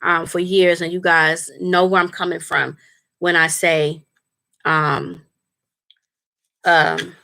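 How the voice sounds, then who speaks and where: A woman's voice: sits low, flat delivery, slow, vocal fry, long pauses, sharp tone. A woman, a spiritual life coach, talking casually and earnestly to her longtime viewers on a livestream, rambling with fillers and restarts.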